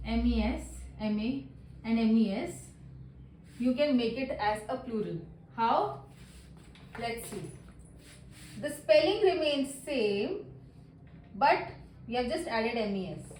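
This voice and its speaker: Slow, patient woman teaching French basics. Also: a little high, slight background noise. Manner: slow, repetitive drilling of words. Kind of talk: beginner language lesson. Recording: echoey room, faint ambience.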